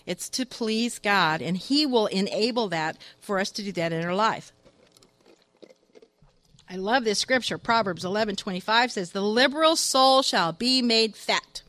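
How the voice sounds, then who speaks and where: A woman's voice: mid-range voice, moderate pace, a bit bright, no echo. A woman who coordinates funerals at her church, giving an earnest devotional talk with a joke in it. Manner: earnest and exhorting, telling a joke.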